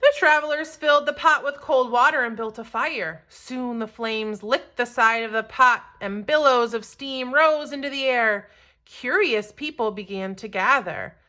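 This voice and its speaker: A woman teacher reading a storybook aloud to children, pausing to ask questions in an encouraging, expressive way. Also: fairly high pitch.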